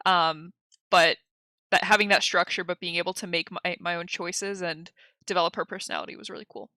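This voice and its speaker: Young woman, guest player, bright and dry close sound, chatty and laughing on a video call. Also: lowish voice, fairly even intonation, dry recording. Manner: chatty, laughing, quick storytelling. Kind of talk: casual chat.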